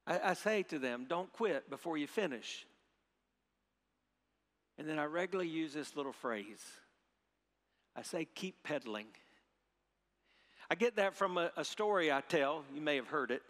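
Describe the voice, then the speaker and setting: A middle-aged man preaching a sermon, telling a story with big swings from hushed to loud and leading the crowd in repeated phrases. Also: a little high. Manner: repeats phrases, leads audience call-and-response. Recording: long hall reverb.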